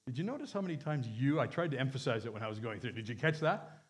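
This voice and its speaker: A man's voice: medium pitch, animated, fast. A man preaching a sermon, emphatic and full of rhetorical questions. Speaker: pastor.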